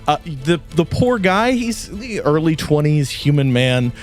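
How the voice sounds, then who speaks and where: A man's voice: fairly high pitch, a little slow, soft background music. A man running a tabletop game as game master, narrating scenes and slipping into character voices. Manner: animated, switching into character voices.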